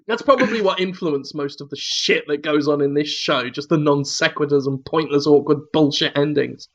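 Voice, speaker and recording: A man's voice: a little high, a little slow. A British man chatting casually with a sardonic, crude, rambling way of talking. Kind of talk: casual comedic chat. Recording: dull lo-fi recording.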